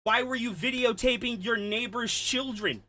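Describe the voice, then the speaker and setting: A man's voice: extremely high pitch, moderate pace, dry recording. Heated, profane male commentary ranter. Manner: heated, profane, shouting at times. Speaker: commentary streamer. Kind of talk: angry ranting commentary.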